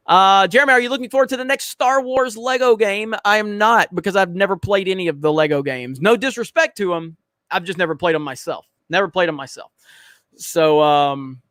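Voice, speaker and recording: A man's voice: high-pitched, a bit bright, no echo. A man hosting a livestream, reading chat in a blunt, profane, joking way. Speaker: livestream host.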